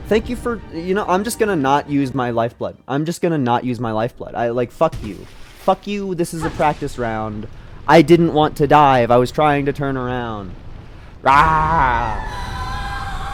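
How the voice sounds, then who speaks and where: A man streaming a game live, swearing and yelling in frustration, mocking himself and laughing often. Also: medium pitch. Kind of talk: live gameplay commentary.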